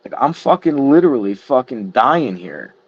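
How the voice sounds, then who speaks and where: A man's voice: medium pitch, big pitch swings, moderate pace, breathy edge, dry recording. A middle-aged man in casual chat, frustrated and rambling, swearing heavily. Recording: dull lo-fi sound.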